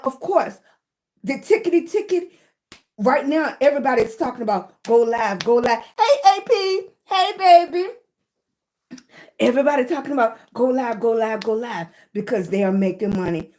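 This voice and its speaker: This time the middle-aged livestream host speaks with a fairly high pitch and a darkish tone. Breathless and often laughing, she chats casually and greets her viewers by name.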